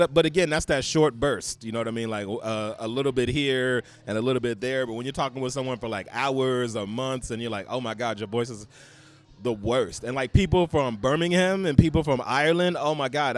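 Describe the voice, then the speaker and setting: Talking a little fast with hardly any pauses, a mid-range American man appears as a comedian guest. His casual road tales are brash, blunt, and full of profanity.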